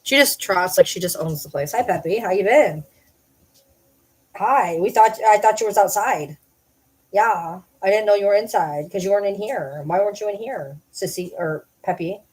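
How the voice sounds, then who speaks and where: A woman vlogging casually at home at night, chatting to the camera and calling and scolding her dogs in a high sing-song. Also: moderate pace, slightly rough, low-quality recording.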